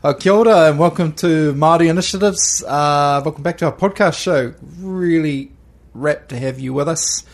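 A man's voice: a little high, normal speed. A man with a New Zealand accent hosting a casual podcast interview in a studio, chatty and joking with lots of fillers. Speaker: podcast host.

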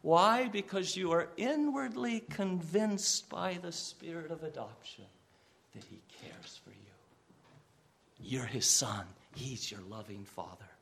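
Male pastor, sermon delivery, high voice, unhurried and earnest, lifts for emphasis. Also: animated, creaky, a bit bright. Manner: earnest preaching, repeats words, rises for quoted cries.

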